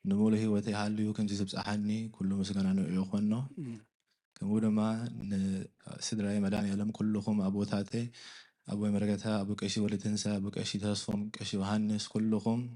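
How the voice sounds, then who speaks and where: A man giving a formal thank-you speech at a church, quickly listing priests and family. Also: lowish voice. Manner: rapid, monotone listing of names. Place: church hall.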